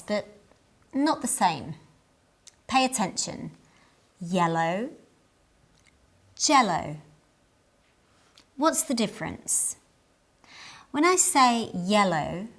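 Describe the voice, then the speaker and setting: A woman teaches a scripted English lesson, speaking extremely slowly and enunciating each word with careful deliberation. Her pitch sits in the middle range.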